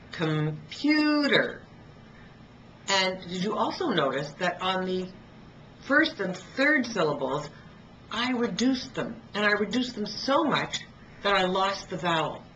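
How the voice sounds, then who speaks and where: A middle-aged woman giving a pronunciation lesson on video, speaking clearly and deliberately and slowing down to demonstrate sounds. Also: mid-range voice, fairly bright tone, lo-fi sound, a little hiss or hum. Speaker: pronunciation coach. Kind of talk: instructional video talk.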